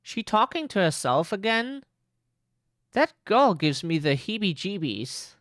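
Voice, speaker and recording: A man reading game dialogue aloud as a lazy, dismissive 1960s husband, in a flat tone. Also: high voice, a little slow, no echo, clean studio sound, full character voice. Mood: annoyed.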